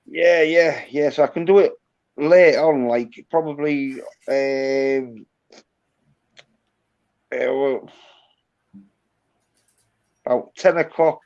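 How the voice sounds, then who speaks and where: A man's voice: a little high, takes it slowly, long pauses, darkish tone, lo-fi sound. An Englishman with a Yorkshire accent chatting casually as a channel host, laid-back, swearing freely and repeating "yeah, yeah". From England. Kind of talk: casual chat on a stream.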